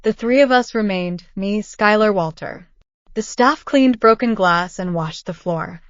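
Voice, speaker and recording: Measured older woman narrating a story. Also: mid-range voice, no echo. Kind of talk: scripted first-person story narration. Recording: dull dry lo-fi audio.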